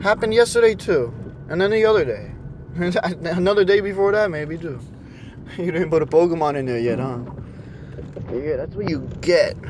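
A young man talking to himself while he plays a phone game, frustrated and swearing, a little hoarse from losing his voice. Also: fairly high pitch, normal speed, background noise. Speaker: vlogger playing a mobile game. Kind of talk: casual vlog commentary.

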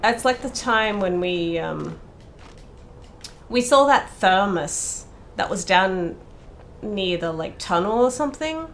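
Woman streamer, bright, animated, swears a lot, faint room hum. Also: mid-range voice, takes it slowly, pauses often. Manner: swears freely, talks to herself, screams when startled. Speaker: let's play streamer. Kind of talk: casual gameplay commentary.

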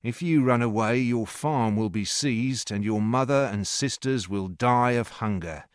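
A man doing a firm, loud captain. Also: medium pitch, a little slow, clean tone, dry recording, studio quality, close to an everyday voice. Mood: earnest. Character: bold male captain, firm and protective.

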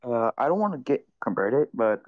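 A man calling in to a livestream from his phone, speaking in a halting, unsure way. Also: medium pitch, big pitch swings, no echo, phone-quality sound. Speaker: caller. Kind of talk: phoning in to a livestream.

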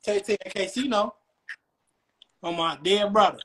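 A man's voice: sits high, moderate pace, fairly bright tone. A young man from Chicago with a Chicago accent, ranting and taunting in casual livestream talk full of street slang. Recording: faint background noise.

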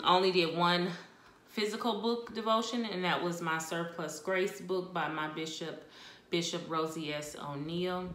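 A woman chatting casually about books she read, expressive and talkative with laughs and asides. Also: fairly low pitch, echoey room. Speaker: book vlogger. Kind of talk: casual book review chat.

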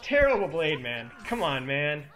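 Lively, high-pitched coach. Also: male voice, a little slow. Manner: animated, exclamatory, talks straight to viewers. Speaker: esports coach. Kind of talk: game replay analysis commentary.

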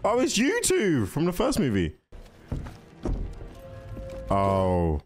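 A man hosting a casual movie reaction, chatty and excitable, talking straight to the characters on screen. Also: sits high, normal speed, soft background music. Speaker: reaction video host.

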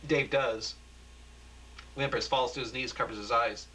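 A man's voice: mid-range voice, steady tone, sharp tone, a little hiss or hum. A man narrating a homemade radio play with many stops and restarts. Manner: halting, frequent restarts. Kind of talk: amateur radio play reading.

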